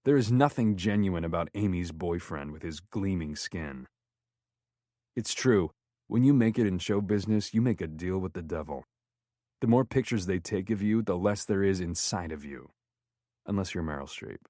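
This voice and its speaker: A man narrates a first-person audiobook in a low voice with sardonic, deadpan delivery. The close-mic recording is dry, with no room sound. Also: moderate pace, dry recording. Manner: sardonic, deadpan inner monologue.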